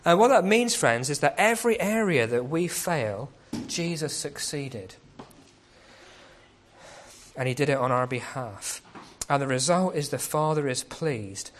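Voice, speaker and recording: A man's voice: a little high, lively intonation, measured pace, a little hiss or hum. A man preaching a sermon as a pastor, speaking conversationally and often asking rhetorical questions.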